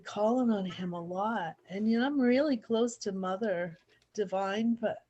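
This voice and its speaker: A woman's voice: mid-range voice, a little slow, mellow, highs cut off. A woman caller on an online healing session, chatting openly and laughing between words. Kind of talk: casual chat on an online call.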